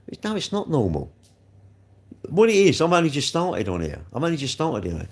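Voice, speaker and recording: Male livestreamer, rambling, talks straight to chat, gravelly with a very lively pitch. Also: brisk. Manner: rambling, repeats himself, talks straight to viewers. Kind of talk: live stream chat, reacting to viewer comments.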